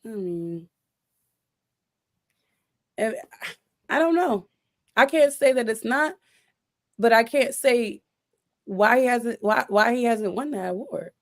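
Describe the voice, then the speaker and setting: A woman's voice: on the high side, lively intonation, takes it slowly, long pauses. A woman hosting a casual sports chat, talking emphatically with frequent restarts and repeated exasperated questions. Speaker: sports podcast host.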